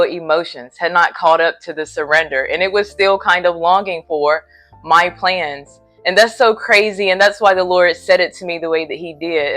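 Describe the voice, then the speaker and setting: A woman's voice: fairly low pitch, fairly bright tone. A woman preacher telling a personal faith story in a casual vlog from a hotel room, earnest and a little sleepy. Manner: earnest, faith-filled retelling.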